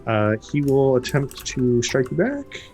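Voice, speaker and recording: A man narrating a tabletop game as game master, who breaks into loud, high voices for the characters. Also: a little slow, soft background music. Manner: lively, acts out characters with loud jumps in pitch.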